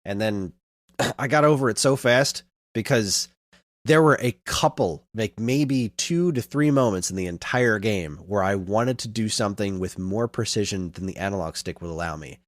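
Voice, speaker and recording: Low-voiced man telling a rambling story. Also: normal speed, no room sound. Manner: rambling storyteller, animated in retelling. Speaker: podcast co-host. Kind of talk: casual podcast chat.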